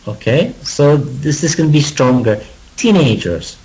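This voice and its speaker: A man's voice: a little high, expressive, unhurried, a little mellow, low-quality recording. A man with a British accent teaching a pronunciation lesson, modeling words for students to repeat and adding chatty, joking asides. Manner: demonstrative, leads students through word repetition. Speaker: English teacher.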